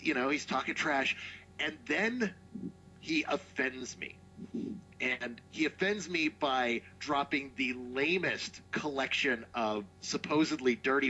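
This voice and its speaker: A man telling a long anecdote on a casual podcast, animated and profane, acting out what people said. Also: medium pitch, lo-fi sound. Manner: animated, profane, acts out quotes. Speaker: podcast co-host. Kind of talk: casual storytelling.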